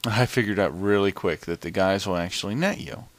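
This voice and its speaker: A man's voice: fairly low pitch, fairly quick, no echo. A man casually narrating his gameplay in a chatty, rambling way.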